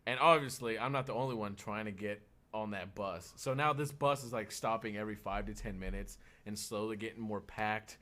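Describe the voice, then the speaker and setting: A man's voice: on the low side, brisk, hardly any pauses. A man in a casual podcast chat, telling a story with lots of laughing and swearing. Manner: animated, laughing, swearing a lot.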